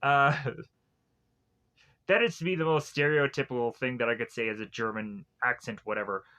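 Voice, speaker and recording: A man giving a casual spoken film review, rambling and halting with many filler words. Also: mid-range voice, sharp tone.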